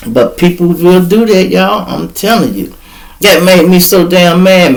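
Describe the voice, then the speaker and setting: A man's voice: sits high, measured pace, gravelly, poor audio. A middle-aged man telling a profane story as host of his show, acting out the quoted voices. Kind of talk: storytelling monologue.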